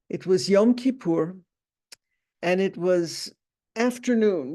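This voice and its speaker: A woman telling a personal story at a memorial gathering, halting and repeating phrases as she goes. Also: on the low side, dark tone. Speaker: memorial speaker.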